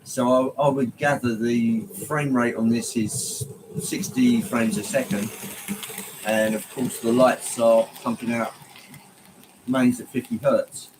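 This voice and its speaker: Relaxed male streamer, friendly and rambling, middle pitch, lots of ums and restarts. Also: slow pace, a little hiss or hum, rough recording. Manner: rambling and friendly, greeting viewers by name, many ums. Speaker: livestream host. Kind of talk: casual livestream chat. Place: home hobby room, indoors.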